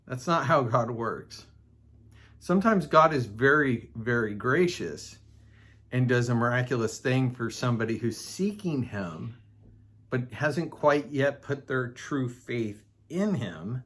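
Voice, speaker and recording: A man's voice: mid-range voice, expressive, slow, fairly bright tone, slightly rough. A man hosting a casual Bible study podcast, talking loosely with fillers and asides as he explains a passage. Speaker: podcast host teaching the Bible.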